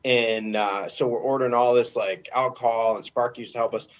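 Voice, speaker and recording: A man's voice: mid-range voice, fairly even intonation, fairly quick. A former hockey player telling rambling stories casually, laughing along as he goes. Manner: rambling anecdotes, often laughing. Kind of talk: casual storytelling. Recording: dull lo-fi audio.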